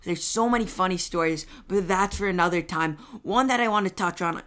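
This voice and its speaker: A man's voice: high-pitched, fairly quick, pushed and bright. Young male podcast host asking questions. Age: young adult. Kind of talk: casual interview questions.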